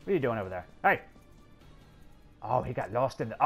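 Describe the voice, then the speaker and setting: A man doing casual let's play commentary, excitable, swearing often and talking to the characters on screen. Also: medium pitch, a little fast, creaky, long pauses, breathy edge, faint music behind. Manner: excitable, swears a lot, talks to game characters. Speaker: gameplay commentator.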